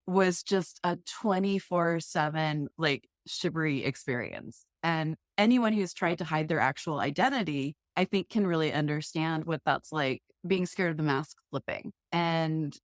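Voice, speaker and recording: A woman in her forties talks openly as a podcast guest, laughing at herself as she goes. Her voice sits a little low. The sound is close and dry, with almost no room echo. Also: unhurried, few pauses. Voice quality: expressive, self-deprecating, laughs often. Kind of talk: candid conversational interview.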